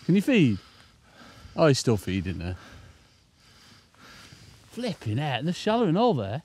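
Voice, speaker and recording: An English man hosting a fishing challenge outdoors, chatty and excitable, overheated and panting between exclamations. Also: a little high, measured pace, breathy edge. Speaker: angler and channel host. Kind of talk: banter while fishing outdoors.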